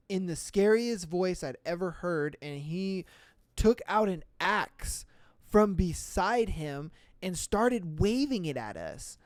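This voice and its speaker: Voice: mid-range voice, animated, measured pace, dry recording, studio quality. A podcast host casually reading out listener stories and reacting to them in slang, often laughing.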